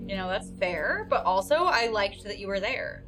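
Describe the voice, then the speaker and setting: A woman streaming a game live, chatting casually, giggling often and gushing excitedly while rambling to herself. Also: mid-range voice, normal speed, music in the background.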